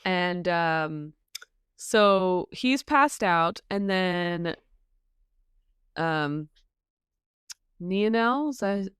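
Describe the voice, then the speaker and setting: A woman co-hosting a podcast, chatting casually and hesitantly with lots of ums, retelling a story and popping into high voices for the characters. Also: expressive, very slow, pauses often, smooth, no room sound, clean studio sound. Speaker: podcast co-host. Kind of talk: casual book-discussion chat.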